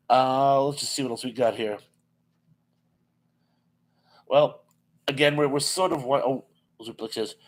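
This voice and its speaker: A chatty man hosts a casual live stream and reads viewer comments aloud. He laughs easily and fills his pauses with ums and uhs. His voice sits in an ordinary middle pitch for a man. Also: rough recording. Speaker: live chat host.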